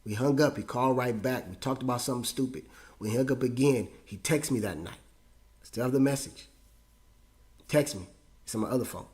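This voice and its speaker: A man in his forties, a pastor hosting his own show, telling a personal story with feeling and frequent repetitions, his voice jumping high when moved. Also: a little fast, pauses often, darkish tone. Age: 40s. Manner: emotional, repeats himself, voice rises high when moved.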